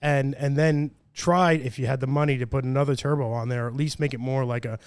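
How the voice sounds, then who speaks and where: Fast-talking animated man. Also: medium pitch, smooth, no room sound. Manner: animated, quick storyteller. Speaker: guest car owner. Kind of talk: casual chat and anecdote.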